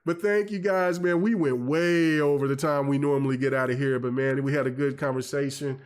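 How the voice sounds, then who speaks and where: A man hosting a gaming podcast, telling stories in a lively, rambling way full of fillers and restarts. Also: medium pitch, a little fast, clean tone. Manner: animated storyteller, many fillers and restarts. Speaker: podcast host. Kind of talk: casual chat.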